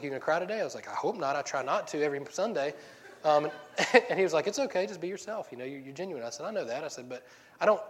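Emotional pastor preaching in a reverberant hall. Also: male voice, mid-range voice. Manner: emotional, laughs often, rising to excited bursts. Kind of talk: sermon. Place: church sanctuary.

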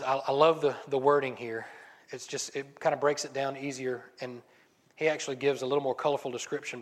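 A man preaching a sermon, reading scripture passages aloud and then explaining them in a relaxed, conversational way. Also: medium pitch. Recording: long reverb.

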